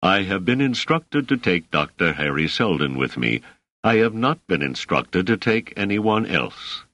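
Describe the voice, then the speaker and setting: Man playing a big stolid sergeant, slow rumbling delivery, formal, literal-minded. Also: very animated, sharp tone, no room sound, heavily acted.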